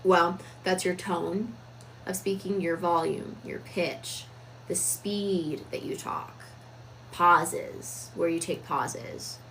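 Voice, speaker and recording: Bright-voiced woman in a casual talk. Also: lowish voice, steady tone, a little hiss or hum, poor audio. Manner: reflective, deliberate, with frequent fillers. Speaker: self-improvement vlogger. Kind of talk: casual talk on personal growth.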